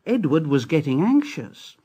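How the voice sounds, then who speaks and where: A man narrating a children's storybook in a gentle, sing-song read-aloud manner. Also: a little high, very animated, a little slow, dull audio, heavy background noise.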